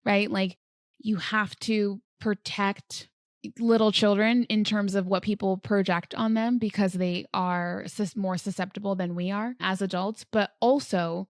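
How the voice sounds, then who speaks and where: A woman's voice: mid-range voice, steady tone, unhurried, no room sound, clean studio sound. A woman hosting a solo podcast, talking casually and earnestly about manifesting, with many filler words. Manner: chatty, frequent "like" fillers, earnest. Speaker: podcast host.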